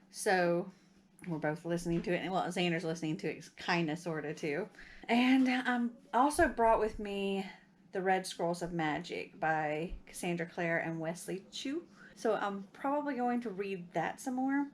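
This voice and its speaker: A woman talks casually to her phone camera in a room at home, rambling from thought to thought and laughing easily. Her pitch sits in the middle of the range for a woman, and her tone is relaxed and chatty. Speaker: book vlogger. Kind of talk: casual vlog chat. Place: indoors at a house.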